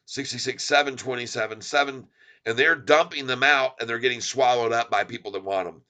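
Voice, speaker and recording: A middle-aged man hosting a live stock market stream, calling out share counts and prices in an excited, rapid patter. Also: mid-range voice. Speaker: stock market livestream host. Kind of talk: live stock-ticker commentary.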